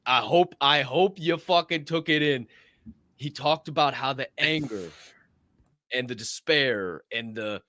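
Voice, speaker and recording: Podcast guy, bright sharp voice, dead dry sound, swears a lot and pushes every point. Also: mid-range voice, no echo. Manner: emphatic and profane, repeats points for stress. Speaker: podcast co-host. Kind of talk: casual podcast chat.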